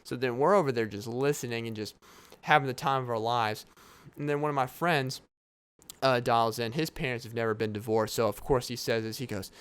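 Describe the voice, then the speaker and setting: A man's voice: medium pitch, a little fast, clean tone. A young man hosting a casual solo podcast late at night, rambling, joking and breaking into laughs. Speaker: podcast host. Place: home at night, downstairs apartment.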